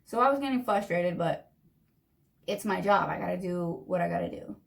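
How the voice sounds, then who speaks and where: A young woman telling a long personal story in a chatty, animated way while doing her makeup. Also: fairly low pitch, moderate pace, gravelly. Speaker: vlogger. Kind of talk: get-ready-with-me storytime.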